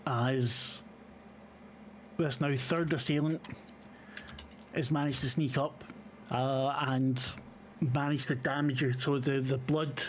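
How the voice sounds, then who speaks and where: A man's voice: mid-range voice, steady tone, takes it slowly, long pauses, a little hiss or hum. A man running a tabletop horror game as game master, describing scenes with frequent ums and uhs. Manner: hesitant, many fillers.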